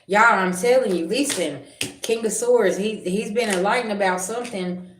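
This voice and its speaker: A woman giving a livestream tarot reading, blunt and confrontational, with slangy talk and sharp comebacks to her viewers. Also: medium pitch, moderate pace. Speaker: tarot reader. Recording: echoey room with loud background noise.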